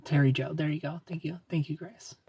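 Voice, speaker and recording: Soft-spoken husky man on a livestream. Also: fairly even intonation, a little fast. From Ohio. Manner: soft-spoken, low-key, drifting into quiet asides. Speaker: livestream host. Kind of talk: casual livestream chat reading viewer comments.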